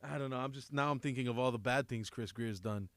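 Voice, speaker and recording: A man co-hosting a sports radio show from a studio, telling animated stories and acting out voices for the people in them. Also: mid-range voice, fast, no room sound. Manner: animated storyteller who acts out voices. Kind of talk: casual sports talk chat. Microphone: studio microphone.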